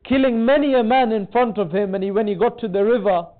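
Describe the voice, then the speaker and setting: A man's voice: high voice, fast talker. A man speaking at a religious gathering, giving an impassioned mourning sermon and pleading with his listeners. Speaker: majlis speaker. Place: religious centre hall. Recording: thin phone-like lo-fi sound.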